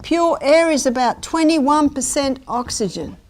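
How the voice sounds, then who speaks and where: A woman's voice: high voice, expressive, measured pace, darkish tone. A middle-aged woman giving a chatty, anecdotal health lecture to a live audience and asking them questions. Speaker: health presenter.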